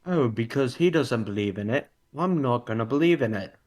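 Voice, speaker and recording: A man's voice: mid-range voice, normal speed, close to an everyday voice. A man putting on a snooty British conservative. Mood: mocking. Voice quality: exaggerated snooty British accent.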